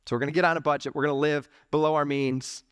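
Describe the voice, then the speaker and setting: Young guy pastor, casual animated sermon, pretty high voice, keeps saying okay. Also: quick pace, clear, resonant tone, no room sound, clean studio sound. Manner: animated, conversational preaching with frequent "like" and "okay". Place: church sanctuary.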